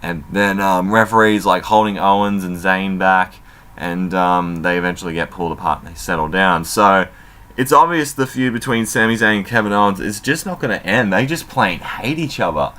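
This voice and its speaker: A low-voiced man talks through a wrestling show in a casual, rambling review. He leans on fillers like "um" and "you know". He swears freely and keeps an offhand tone. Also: moderate pace, pushed and bright.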